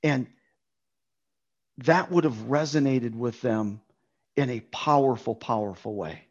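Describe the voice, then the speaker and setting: A man's voice: mid-range voice, slow, highs cut off. A man preaching a sermon on a Bible passage, emphatic, repeating key words for stress.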